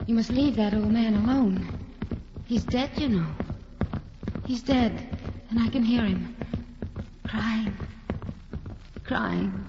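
A woman's voice: on the high side, takes it slowly, long pauses, muffled recording, noisy background. A woman playing a feverish, frightened young woman. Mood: delirious. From American South. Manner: feverish, breathless and pleading.

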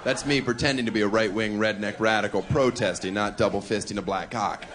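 A man's voice: on the low side, fairly even intonation, brisk. A man doing a stand-up comedy set on stage, with a brash, mocking delivery. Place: stage before a live audience. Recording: live club recording with crowd noise. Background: audience laughter.

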